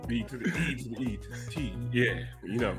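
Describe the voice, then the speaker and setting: A man's voice: mid-range voice, animated, a little fast, over music, lightly acted. A man doing a comedic impression of a laid-back basketball star, drawling and humming between phrases. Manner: drawling, playful, mumbled hums.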